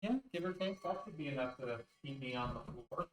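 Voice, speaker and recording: A man's voice: medium pitch, expressive, fairly quick. A man hosts a casual, joking vlog, firing off puns and crude asides while working out with weights. He sits far from the camera mic, so his voice rings in a roomy echo with faint background hiss. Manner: jokey, punning, crude asides. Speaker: YouTube host. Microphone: camera mic from a distance.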